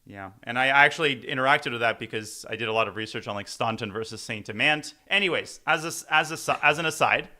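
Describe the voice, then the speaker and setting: A man's voice: mid-range voice, quick pace, few pauses, bright, forceful tone. A man commentating on chess in casual live talk, playful and rambling, telling jokes and stories.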